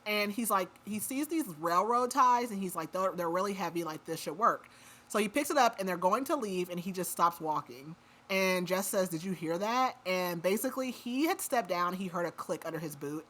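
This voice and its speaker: A woman's voice: on the low side, a bit bright. A woman recapping a book plot on a podcast in a casual, chatty way, with lots of "like" fillers. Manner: chatty retelling full of "like" fillers. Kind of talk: casual chat.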